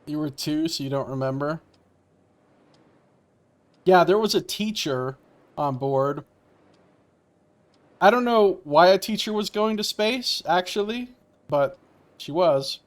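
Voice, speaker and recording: A man commentating on a video game as he plays it live, chatting and musing aloud to his viewers. His voice sits slightly high for a man, and he speaks into a computer mic. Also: lively intonation, slow pace, pauses often. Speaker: let's play commentator. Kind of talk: live-streamed gameplay commentary.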